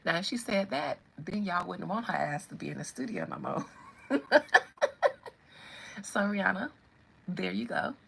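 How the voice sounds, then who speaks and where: A woman giving chatty celebrity commentary to her viewers, her voice carrying a gravelly rasp. She is animated and laughs often. She speaks at a middle pitch. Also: a little slow, pauses often, low-quality recording. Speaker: channel host.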